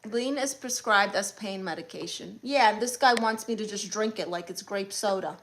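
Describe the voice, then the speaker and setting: Her medium-pitched, fairly bright voice moves at a normal speed, with a slight hiss or hum in the audio. She's a Brooklyn, New York woman running a live stream, taking chat comments one by one and hitting back with sassy, blunt retorts.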